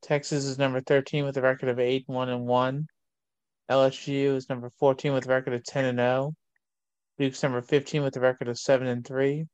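A man, hosting a casual sports show and reading long lists of college rankings in a steady way. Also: mid-range voice, clean tone, no echo, lo-fi sound.

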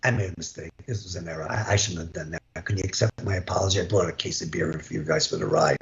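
Contrite male league president, middle-aged, dropped low and sheepish, put on by a storyteller. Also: lively intonation, fast talker, vocal fry, highs cut off.

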